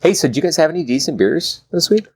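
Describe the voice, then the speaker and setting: A man's voice: fairly high pitch, big pitch swings, fast, a little mellow. A man co-hosting a beer tasting podcast, talking in an easygoing, conversational way. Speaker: co-host of a beer tasting show. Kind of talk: casual chat.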